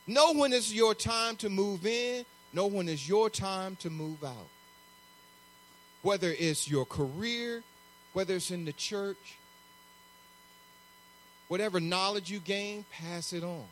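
Male pastor, high voice, lively preaching style, faint hum behind. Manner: animated, conversational preaching with acted-out asides. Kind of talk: sermon.

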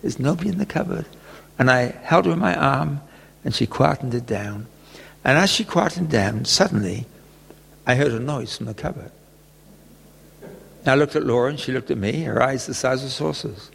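Gravelly male preacher in an echoey hall. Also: medium pitch, lively intonation, normal speed, long pauses. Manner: gentle storytelling, chuckles often. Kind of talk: sermon with personal story. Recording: long echoey reverb.

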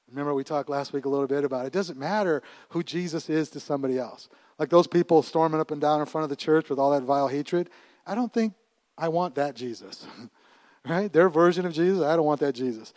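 A middle-aged male pastor preaching in a lively, animated way, his voice sitting a little high for a man. He laughs often between points and swings from near-hushed asides to loud declarations, repeating words as he builds. The recording is dry and close. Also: quick pace, dry recording. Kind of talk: sermon.

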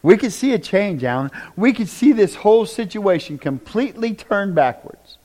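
A man with a drawl preaches to a room of listeners. His voice sits somewhat high, and he tells stories animatedly, acting out other people and joking with the congregation before turning to prayer. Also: normal speed. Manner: animated, acts out people in quotes, jokes with the room. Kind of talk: sermon with storytelling and prayer.

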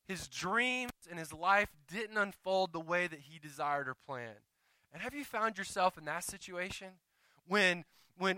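Bright, forceful preaching man. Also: high-pitched, clean tone, dry recording, rough recording. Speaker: pastor. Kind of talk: sermon.

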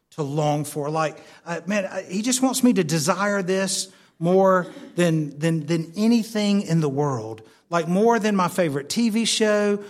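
A male pastor preaching a sermon earnestly, with frequent stammered restarts and repeated phrases. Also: high-pitched.

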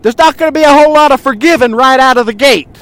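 A man's voice: extremely high pitch, fast talker, fairly bright tone, no echo. A male pastor preaching a sermon, speaking directly to the congregation and retelling scripture with rhetorical questions.

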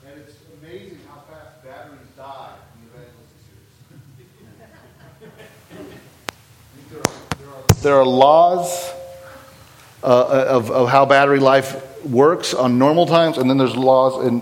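A man's voice: mid-range voice, noisy background. A man preaching a sermon, blunt and impassioned, pressing his points with rising urgency.

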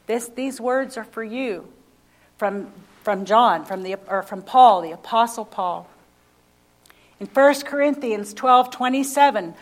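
A woman preaching a sermon, slow and emphatic, repeating key phrases and asking the congregation questions. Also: fairly high pitch, expressive.

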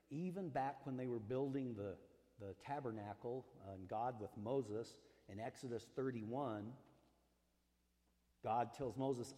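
A man's voice: medium pitch, dark tone, in a large hall. A man preaching as a pastor, earnest and conversational, leaning hard on key words and drawing them out, with casual fillers and asides. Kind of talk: sermon.

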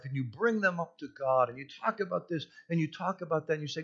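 A man preaching a sermon as pastor, swinging from near-shouted passion down to hushed, tender tones. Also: on the high side, lively intonation, fast, hardly any pauses, muffled recording.

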